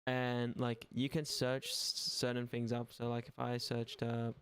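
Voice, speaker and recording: Gravelly, flat-toned Irish streamer guy. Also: medium pitch, unhurried, dry recording. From Ireland. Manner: rambling, sweary, dry sarcasm. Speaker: livestream gaming host. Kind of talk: casual live-stream chat.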